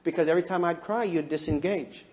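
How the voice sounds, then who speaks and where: A man quoting a soft-spoken, hurt wife. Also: on the high side, quick pace, voice pushed down, natural voice.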